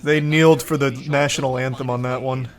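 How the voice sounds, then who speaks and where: Excitable man reacting to a live match. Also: mid-range voice, a little fast. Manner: excitable, jokey, cheering. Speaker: co-streamer watching a match. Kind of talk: live watch-along reactions.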